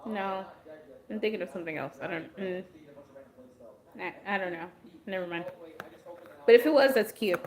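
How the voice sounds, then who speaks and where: A woman's voice: mid-range voice, moderate pace, long pauses. A woman hosting a casual livestream, talking straight to her viewers and answering their comments, with a voice that is wearing out from a long stretch of talking. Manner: chatty, answers viewer comments as they come in. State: losing her voice. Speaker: livestream host.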